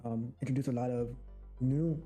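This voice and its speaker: Guy doing a recorded intro about himself, lots of ums and pauses, faint music behind. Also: medium pitch, fairly even intonation, mellow. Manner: hesitant, with many pauses and fillers. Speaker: quality assurance engineer.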